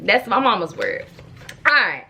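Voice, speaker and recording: A young adult woman chatting casually in her own vlog, telling stories in an animated, playful way. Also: mid-range voice, a little slow, creaky. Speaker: vlogger.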